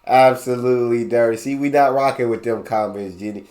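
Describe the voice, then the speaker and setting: A man's voice: mid-range voice, steady tone, brisk, a little mellow, slight background noise. A man hosting a reaction video, laid-back and laughing as he talks to viewers. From United States. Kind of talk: casual reaction commentary.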